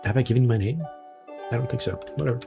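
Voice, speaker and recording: Casual male streamer, offhand jokes, mid pitch, game music behind. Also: very fast, gravelly. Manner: offhand, joking. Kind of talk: casual gameplay commentary.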